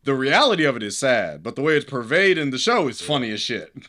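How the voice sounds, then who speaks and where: A man co-hosting a casual podcast review chat, relaxed and agreeable, chiming in with his takes. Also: mid-range voice, quick pace. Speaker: podcast co-host.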